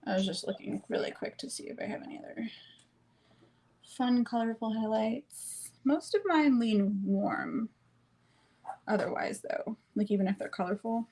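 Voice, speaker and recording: A woman's voice: on the high side, moderate pace, long pauses, mellow. A woman chatting casually and rambling as she does her makeup, swearing now and then. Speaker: streamer doing makeup on a group call. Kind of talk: casual chat.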